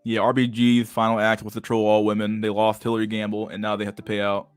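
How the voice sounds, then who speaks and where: A man's voice: lowish voice, monotone, fast, clean tone, no room sound, soft background music. A young man hosting a livestream and reading chat, talking in a crude, slangy, casual way and laughing often.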